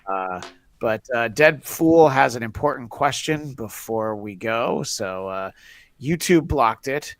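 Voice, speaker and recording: A man's voice: mid-range voice, expressive, takes it slowly, dry recording. A man hosting a podcast in casual chat, joking and rambling with sarcastic asides. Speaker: podcast host.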